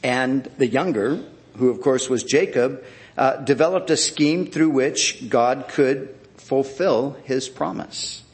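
A man preaching a sermon, speaking in a deliberate, reflective way with frequent restarts. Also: mid-range voice.

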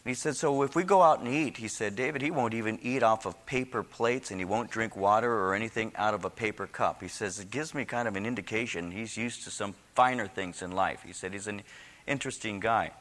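A male pastor with a lowish, brisk and somewhat bright voice preaches a folksy sermon. His joking asides build into fervent preaching, and the recording has a long hall reverb.

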